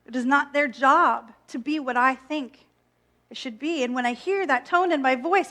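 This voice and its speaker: A woman minister preaching a gentle, reflective sermon with playful self-mocking asides. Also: high voice, moderate pace.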